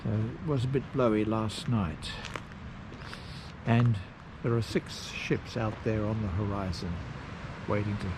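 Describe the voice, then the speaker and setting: Slow, rambling man outdoors. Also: fairly low pitch, steady tone, noisy background. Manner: unhurried, rambling with pauses and fillers. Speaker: travel vlogger. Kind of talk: casual travel narration. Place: outdoors at coastal campsites.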